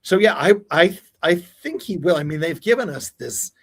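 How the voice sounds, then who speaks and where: A man with a fairly high, husky voice at normal speed appears as an entertainment expert guest on a video call. He chats casually and animatedly, laughing a lot and swearing freely.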